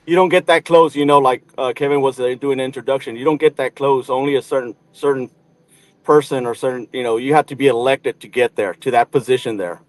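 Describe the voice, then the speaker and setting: A man speaking as a guest on a podcast in casual chat. He talks haltingly and restarts often while he searches for words. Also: mid-range voice, fairly even intonation, no echo.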